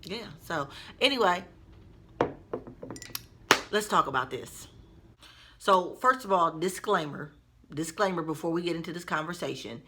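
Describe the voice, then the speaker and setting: A woman telling a story to her viewers in a casual vlog, chatty and expressive, talking straight to her audience. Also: fairly low pitch, a little slow, long pauses, slight background noise. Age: adult mother. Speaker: vlogger.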